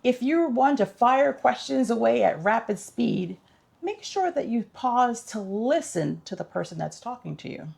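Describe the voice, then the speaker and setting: Woman, vlogger, upbeat, instructive, gravelly, animated pitch. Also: measured pace. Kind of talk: casual tips chat.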